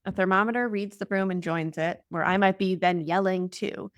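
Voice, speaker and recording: A young adult woman answering interview questions as a parenting guest, explaining in a casual, warm way with many filler words. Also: medium pitch, steady tone, moderate pace, dry recording, clean studio sound.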